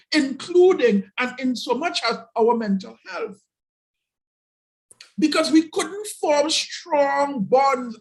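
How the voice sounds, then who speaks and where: High-voiced man giving a talk. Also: low-quality recording. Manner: emphatic, repeats key phrases. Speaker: guest speaker. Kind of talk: motivational talk. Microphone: video call.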